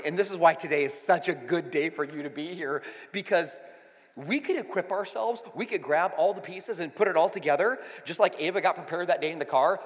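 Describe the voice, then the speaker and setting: A pastor in his forties preaching and telling stories in a church auditorium, animated and emphatic. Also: fairly high pitch. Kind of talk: sermon with prayer and storytelling. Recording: reverberant hall with faint music.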